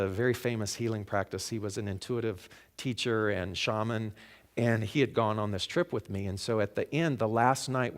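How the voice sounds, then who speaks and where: A man speaking as a guest preacher at a spiritual center, telling a personal story in a reflective way that sinks to a hush on key lines and lifts on emphatic ones. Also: lowish voice. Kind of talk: storytelling sermon. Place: sanctuary of a spiritual center, before a congregation.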